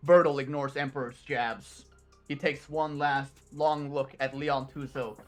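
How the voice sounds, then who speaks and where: A woman streamer reading a game's story text aloud in a plain, steady way. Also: very deep voice, measured pace, faint music behind.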